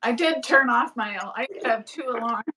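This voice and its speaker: An older woman co-hosting a casual live stream, soft-spoken with short replies and thanks. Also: on the high side, normal speed, noisy background. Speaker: co-host and guest of honor.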